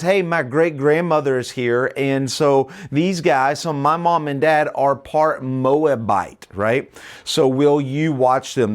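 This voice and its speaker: A man teaching through a Bible chapter in a casual, conversational way, retelling the story with quoted lines and frequent "right?" asides. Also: mid-range voice. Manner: conversational, retells scripture with quoted voices, many fillers and "right?".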